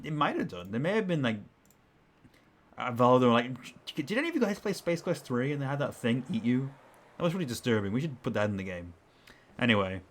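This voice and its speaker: Chatty man with a lively, swooping voice. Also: medium pitch. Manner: chatty, rambling asides with fillers. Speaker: let's play host. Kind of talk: casual game commentary.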